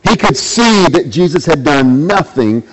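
Higher-pitched man preaching with rhetorical questions. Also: lively intonation, measured pace, noisy background. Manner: rhetorical questions, acts out quoted lines with rising pitch. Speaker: pastor. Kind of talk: sermon.

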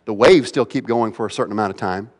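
A male pastor preaching a sermon, swinging from loud pleading to hushed, quiet passages. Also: on the low side, fast talker. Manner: dramatic swings between loud pleading and hushed near-whispers. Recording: long reverb of a large hall.

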